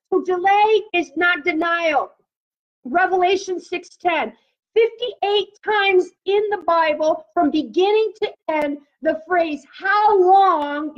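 A woman preaching a sermon and praying, emphatic and repeating phrases for effect. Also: very high voice. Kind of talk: sermon with prophetic prayer. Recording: muffled lo-fi audio.

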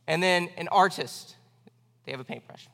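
Man, pastor, sermon, high voice, earnest, casual restarts, long church-hall reverb. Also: moderate pace, gravelly, a bit bright. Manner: conversational, earnest, with frequent fillers and restarts.

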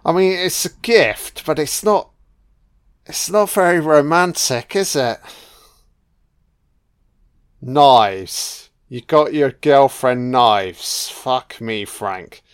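A man's voice: mid-range voice, animated, slow pace, pauses often, clean tone, no echo, studio quality. A man giving a casual, laid-back film commentary, swearing freely and often adding "you know".

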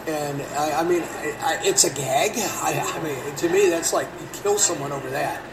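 A podcast host with a slightly high voice tells a story at a moderate pace, rambling and swearing, getting animated whenever he quotes someone. The distant mic picks up background noise in this casual storytelling.

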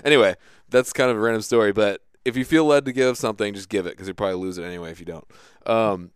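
A man's voice: lowish voice, fast talker, clean tone, no room sound, studio quality. A man hosting a podcast, chatting in an easygoing way with rambling asides. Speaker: podcast host. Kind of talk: casual podcast interview.

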